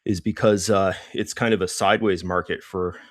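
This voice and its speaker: A man's voice: low voice, fairly even intonation, normal speed, no echo, clean studio sound. A man hosting a live trading session, out of breath and rambling casually with lots of fillers as he walks through the charts. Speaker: trading livestream host. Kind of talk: casual live market commentary.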